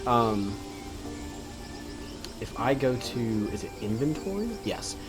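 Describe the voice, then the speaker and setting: A man's voice: medium pitch, big pitch swings, slow, over music. A man hosting a let's play, casually explaining game rules and thinking aloud as he goes. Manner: easygoing, thinks aloud with ums.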